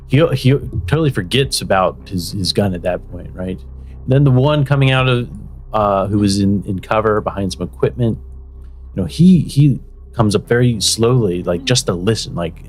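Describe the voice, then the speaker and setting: A man's voice: lowish voice, normal speed, a little mellow. A man narrating as game master in a tabletop game, loose and chatty with lots of fillers. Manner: loose, full of fillers like "you know" and "right?".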